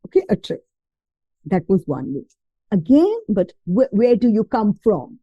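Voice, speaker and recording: Expressive Indian woman telling her story. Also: medium pitch, measured pace, breathy edge, no echo, dull audio. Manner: expressive storytelling, mixing Hindi words into English. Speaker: podcast guest. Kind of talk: casual interview conversation.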